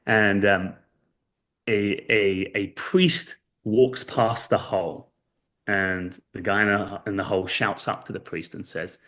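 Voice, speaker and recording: A man guest on a podcast interview, earnestly telling a story and tagging points with quick checks for agreement. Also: fairly low pitch, fairly even intonation, fairly bright tone. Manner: earnest storytelling, many fillers and "right?" tags. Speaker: guest expert. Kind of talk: casual interview chat.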